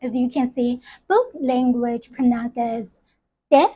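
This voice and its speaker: A woman, hosting a vlog and explaining things to camera in a relaxed, gently persuasive way. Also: a little high, a little slow, breathy edge. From China. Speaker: vlog host.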